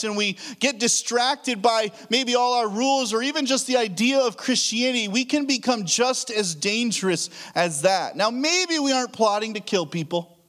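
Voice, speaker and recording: A man's voice: extremely high pitch, a bit bright. A man preaching a sermon as a pastor, telling stories in a casual way with frequent restarts. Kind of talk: conversational sermon.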